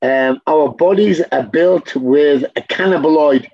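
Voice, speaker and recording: Brief Man, slow and gravelly, blunt and profane, on dull lo-fi audio. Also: fairly high pitch, a little mellow. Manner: blunt, profane, repeats himself. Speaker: interviewee. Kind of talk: candid documentary interview.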